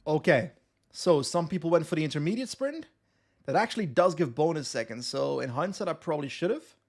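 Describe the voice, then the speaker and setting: A man's voice: on the high side, expressive, brisk, darkish tone. A young man from West Flanders with a Flemish accent, giving casual live commentary on a cycling game and answering his chat. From West Flanders, Belgium. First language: Dutch (West Flemish). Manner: chatty, reads chat aloud and answers. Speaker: streamer.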